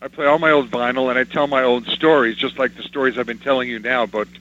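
A man's voice: mid-range voice, fairly even intonation, fast talker, a bit bright. An older man from Canada, a musician, telling stories from his life in an interview and acting out the people he quotes. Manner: anecdotal, reminiscing, acts out quoted voices. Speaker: musician guest. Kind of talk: interview storytelling. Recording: slightly dull with faint hum.

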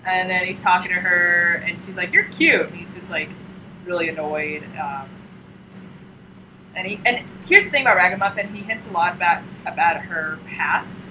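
A woman's voice: lowish voice, moderate pace. A young woman recounts a comic she loves in loose, chatty talk. She laughs often and slips into silly voices for the quotes. Some background noise hums under her voice. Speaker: podcast co-host. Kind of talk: casual chat retelling a comic.

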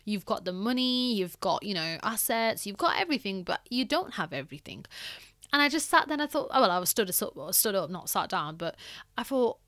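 A young woman tells a personal story on her podcast, her voice bright and clear. She talks in a loose, chatty way, leaning on filler words. The sound is close and dry, with no room around it. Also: mid-range voice, very animated, brisk, no echo. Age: young adult. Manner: chatty, heavy use of like and you know. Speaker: podcast host.

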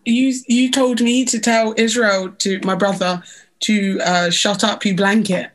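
A woman's voice: mid-range voice, steady tone, unhurried, poor audio. A young woman co-hosting a casual family podcast, teasing and giggling. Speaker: podcast co-host.

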